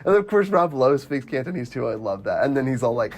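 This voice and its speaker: A man co-hosting a casual movie chat, giggling often and acting out quotes in a high voice. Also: lively intonation, brisk, few pauses, slight background noise. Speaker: podcast co-host.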